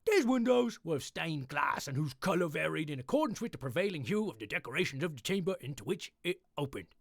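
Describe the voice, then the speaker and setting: A man putting on a cheerful English accent to read a gothic tale aloud in a theatrical, drawn-out way. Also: fairly high pitch, big pitch swings, vocal fry, no echo, clean studio sound, heavily acted. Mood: sprightly. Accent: put-on English. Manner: theatrical, drawn-out emphatic reading. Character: cheerful upbeat English male storyteller. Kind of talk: dramatic horror story reading.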